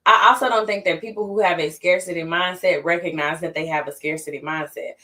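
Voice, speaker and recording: Woman, slightly low voice, casual podcast talk, explaining. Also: fairly even intonation, brisk, sharp tone, a little hiss or hum. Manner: explanatory, acts out quoted people. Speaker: podcast co-host.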